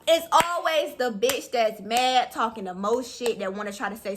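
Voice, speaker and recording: A young woman telling a story in a vlog, animated and profane, talking fast. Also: fairly high pitch, noisy background. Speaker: vlogger.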